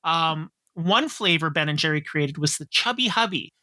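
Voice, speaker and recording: Woman co-host, lowish bright voice, rambling and jokey. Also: expressive, moderate pace. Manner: rambling, joking, many fillers and restarts. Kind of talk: casual chat.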